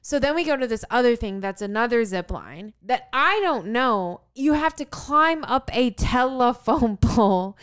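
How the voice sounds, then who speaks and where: A woman's voice: on the high side, lively intonation, unhurried, few pauses, smooth. A young woman telling a story in casual chat, acting out quotes, swearing and laughing as she goes. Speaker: podcast co-host telling a story.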